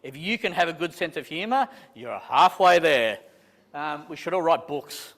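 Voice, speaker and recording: A man's voice: a little high, brisk. A man giving a casual, joking training talk to a live audience, with many restarts. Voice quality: chatty, animated, self-deprecating jokes, many restarts. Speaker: property management trainer. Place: conference room with a live audience. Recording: long reverb in a large hall.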